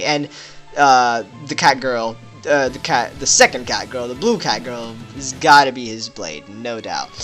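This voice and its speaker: Young guy rambling excitedly about a game trailer, bright voice, bouncy pitch, faint music behind. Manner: excitable, rambling, lots of fillers. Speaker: gaming video host. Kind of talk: casual game trailer analysis.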